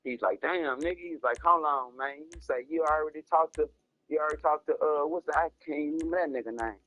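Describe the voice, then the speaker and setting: A man's voice: on the high side, fast talker, a bit bright, rough recording. A man casually telling a long rambling story, repeating himself and cursing, in slangy talk. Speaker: storyteller streaming a game.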